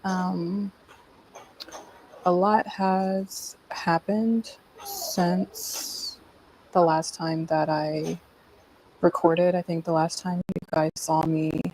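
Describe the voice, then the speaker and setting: Lady vlogger talking slow, lots of ums, kinda low voice. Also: fairly even intonation, a little mellow, low-quality recording. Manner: hesitant, many ums. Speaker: content creator. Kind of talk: casual vlog update.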